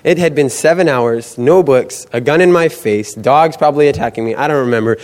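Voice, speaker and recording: A young man giving an animated testimony, acting out the voices in his stories. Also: mid-range voice, brisk, a little hiss or hum. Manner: animated storytelling, acts out quoted voices. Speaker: student book canvasser. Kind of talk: testimony talk. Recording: long hall reverb.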